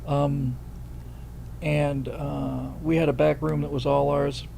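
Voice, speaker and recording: A man's voice: on the high side, level tone, slow pace, gravelly, mellow, slight background noise, poor audio. A man hosting a livestream, chatting casually and telling rambling anecdotes. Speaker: host.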